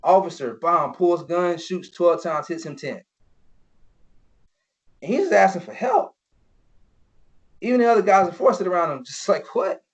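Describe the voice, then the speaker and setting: Here the same young ex-footballer speaks in a high, expressive voice, unhurried and with long pauses, as he recounts personal stories in an interview. He's earnest, leans on "you know" constantly, and performs the voices he quotes. It's dull lo-fi podcast sound.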